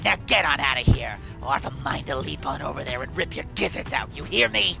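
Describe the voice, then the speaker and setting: A man voicing a brash, crude male brawler who taunts roughly, over game music. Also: a little high, animated, a little fast, pitched below the performer's own voice. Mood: taunting.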